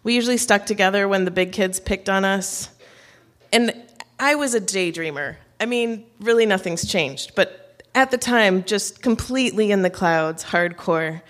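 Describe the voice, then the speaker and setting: A woman's voice: medium pitch, moderate pace, a bit bright. Woman storyteller, live on stage; wry, self-mocking, light laughs. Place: on stage before an audience.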